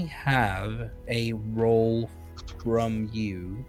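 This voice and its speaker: A man's voice: mid-range voice, slow pace, soft background music. A man narrating a tabletop game as game master, hesitant and full of fillers.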